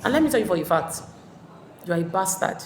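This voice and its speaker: A woman's voice: mid-range voice, big pitch swings, quick pace, a little mellow, slight background noise, natural voice. Woman playing a banished woman, blunt accuser, long reverb tail. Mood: defiant. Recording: echoey room with long reverb.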